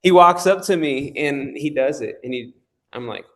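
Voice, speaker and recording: A man's voice: medium pitch, animated, moderate pace. A man in casual conversation, laid-back and slangy, laughing along as he tells his story. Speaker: interview guest. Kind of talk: casual chat.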